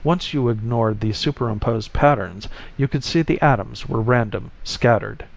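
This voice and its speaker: A man narrating a story in a measured, even delivery, on a slightly muffled recording. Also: medium pitch, vocal fry. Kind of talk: audiobook story reading.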